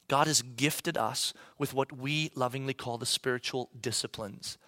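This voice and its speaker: A man's voice: mid-range voice, no room sound, studio quality. A man in his thirties preaching a sermon, telling a funny family story and acting out his kids' voices. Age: 30s. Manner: animated, acts out voices of his kids. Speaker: pastor.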